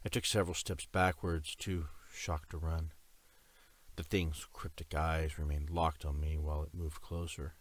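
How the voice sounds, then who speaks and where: A man reading a first-person story aloud as an audiobook narrator, slow and measured. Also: low voice.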